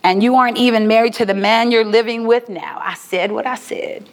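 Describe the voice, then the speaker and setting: A woman preacher voicing Jesus as a calm, blunt, firm man. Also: on the high side, brisk, natural voice.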